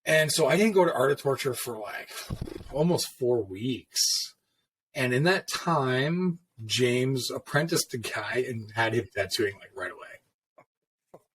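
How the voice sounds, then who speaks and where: A man's voice: mid-range voice, expressive, slow, fairly bright tone, slight background noise. A middle-aged man, a tattoo artist, telling shop stories in a loose, swearing, laid-back way and acting out the lines people said to him. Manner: laid-back, swears freely, acts out quoted dialogue. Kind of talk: casual storytelling conversation.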